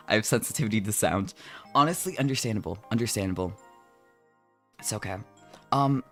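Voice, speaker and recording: A man streaming from home as a vtuber, chatting casually while he draws, animated and jokey, swearing often and teasing his chat. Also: lowish voice, fairly quick, pauses often, faint music behind.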